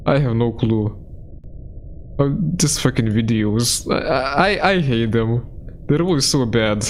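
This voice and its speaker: A man streams a horror game and chats along in an unhurried, drawn-out way. He swears freely and laughs at his own fumbles. A faint hum sits under his voice. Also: mid-range voice. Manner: laid-back, swears often, laughs at himself. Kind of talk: casual gameplay commentary.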